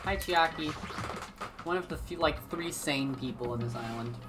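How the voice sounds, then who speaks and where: A woman's voice: low-pitched, normal speed. A woman streaming a game with friends, chatting casually and telling stories with lots of giggling. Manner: giggly, animated storytelling. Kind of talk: casual let's-play chat. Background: game music.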